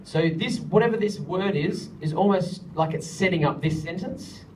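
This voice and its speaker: A music director with a high, darkish-toned voice teaches songwriting at normal speed, joking with participants and singing example lines to show the melody. The recording is distant from the mic, with faint ambience and slight background noise.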